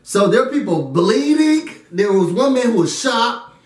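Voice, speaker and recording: A young man, telling an animated storytime with a high, lively voice. He sits back from the mic in an echoey room and keeps slipping into other people's voices. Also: unhurried, recorded from a distance. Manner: animated, acts out friends' voices, laughs often.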